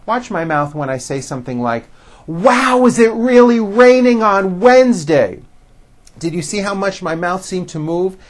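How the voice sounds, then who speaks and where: A man with an American accent teaching English pronunciation, speaking slowly and deliberately with very clear enunciation in a scripted talk to camera. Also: fairly high pitch.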